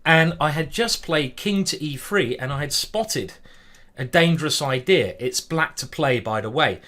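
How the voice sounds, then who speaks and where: A man's voice: fairly high pitch, animated, unhurried, bright, forceful tone. A man, casually commentating a chess stream and greeting viewers by name. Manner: chatty, greets viewers by name, lots of ums.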